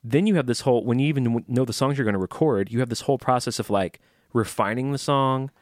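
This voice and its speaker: A man's voice: medium pitch, fast, no echo, clean studio sound. A man hosting a casual podcast chat, enthusiastic and joking as he asks questions. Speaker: podcast host.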